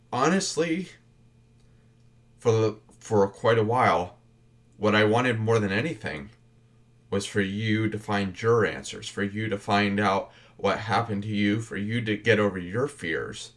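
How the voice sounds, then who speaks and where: A man voices his hero in a tabletop role-play session. He speaks slowly and haltingly, often stopping to restart a thought. His voice sits fairly low. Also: a bit bright. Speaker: player.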